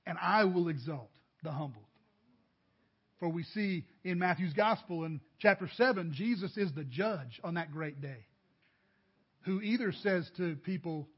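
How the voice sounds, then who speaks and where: A man's voice: a little high, husky, highs cut off. A man preaching a sermon as pastor, addressing the congregation directly with emphatic rises. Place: church.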